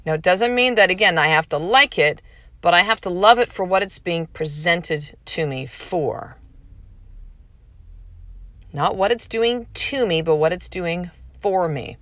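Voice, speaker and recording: Woman podcast host in her thirties, lowish voice, frank and casual with salty language, dry close recording. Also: a little slow, no echo. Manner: frank and casual, swears freely, animated emphasis. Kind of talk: candid motivational monologue.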